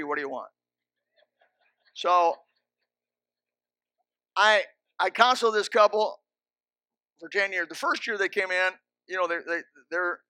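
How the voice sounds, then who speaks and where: A man delivers a sermon at a high pitch, with a bright, cutting tone. He stacks short, emphatic commands and drops wry jokes along the way. The mic sound is close and dry. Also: no room sound. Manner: emphatic, repetitive commands with joking asides. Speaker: pastor. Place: church. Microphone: handheld or stand microphone.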